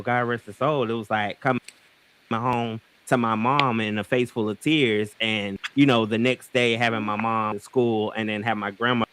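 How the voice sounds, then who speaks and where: A man on a livestreamed talk show telling a personal story in a relaxed, halting way full of fillers. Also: fairly low pitch. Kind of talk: casual storytelling. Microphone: livestream call mic.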